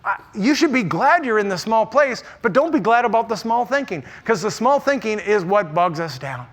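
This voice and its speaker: A man preaching an energetic conference sermon, humorous and emphatic, often repeating words. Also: high-pitched, normal speed. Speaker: pastor speaking at a church conference.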